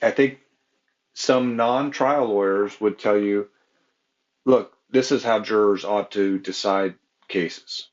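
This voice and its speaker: A man's voice: fairly low pitch, slow. Man judge on dull lo-fi audio. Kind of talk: expert discussion.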